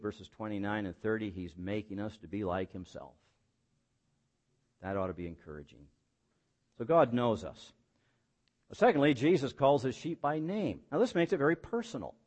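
A man preaching a sermon as pastor, building emphatic points with rhetorical questions and folksy, self-deprecating asides. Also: a little high.

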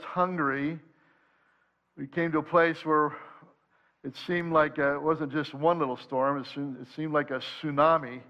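A man preaching a sermon, first reading scripture in a measured way, then telling a personal story in a relaxed, conversational tone. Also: fairly high pitch, lo-fi sound. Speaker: pastor.

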